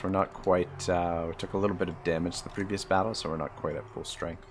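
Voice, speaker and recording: An easygoing man with an East Coast Canadian accent chats through his game on a live stream, chuckling as he reads out viewer comments. His voice sits fairly low, with faint noise behind it. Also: steady tone, brisk.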